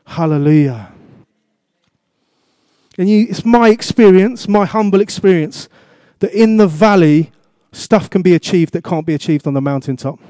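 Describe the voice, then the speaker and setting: A man's voice: high-pitched, animated, normal speed, mellow, no echo, studio quality. A man preaching a sermon as pastor, asking the congregation questions and repeating his exhortations.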